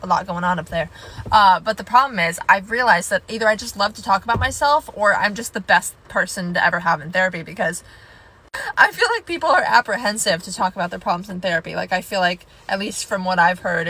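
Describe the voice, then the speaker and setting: A woman in her twenties telling a casual storytime vlog, chatty and self-deprecating, with quick asides. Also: medium pitch, sharp tone, low-quality recording. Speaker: TikTok storyteller. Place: parked car in the rain. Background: faint rain ambience.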